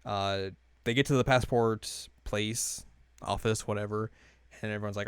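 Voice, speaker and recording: A man's voice: on the low side, fairly even intonation, moderate pace, smooth, dry recording. A young man co-hosting a podcast, casually recapping an anime episode with lots of fillers and chuckles. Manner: rambling, many fillers, laughs while retelling scenes.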